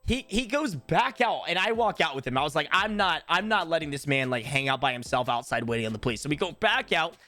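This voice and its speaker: A man's voice: a little high, fast, hardly any pauses. A young man from Tennessee casually telling a long story to his channel, acting out what people said. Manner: animated, acts out quoted voices. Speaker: YouTuber.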